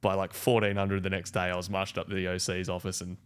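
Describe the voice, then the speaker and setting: An Australian man and army veteran telling a story in casual podcast chat, animated and quick to laugh. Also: deep voice, clear, resonant tone.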